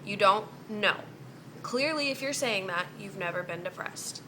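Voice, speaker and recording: A young woman vlogger vents bluntly in a casual vlog, exasperated and cursing heavily. Her medium-pitched voice has lively intonation and an unhurried pace, with background noise in the recording.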